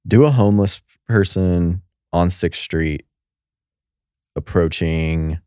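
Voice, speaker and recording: A man's voice: deep voice, takes it slowly, mellow, clear, resonant tone, dry recording, clean studio sound. A man in his thirties hosting a podcast, laid-back with short reactions. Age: 30s. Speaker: podcast host. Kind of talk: casual podcast chat.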